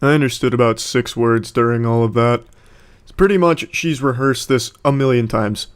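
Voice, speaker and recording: A man giving sarcastic, deadpan commentary on a rap battle video. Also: medium pitch, normal speed, smooth. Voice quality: deadpan and mocking.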